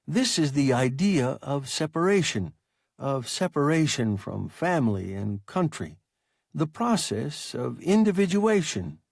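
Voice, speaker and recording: A slow, unhurried alien creature muses in a gravelly, husky voice, as a man reads it aloud. It reasons formally and calmly, its pitch rolling widely across each sentence in a dry, close storybook reading. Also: dry recording, exaggerated voice. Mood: calm reasoning. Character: calm, philosophical alien creature, large and sluggish.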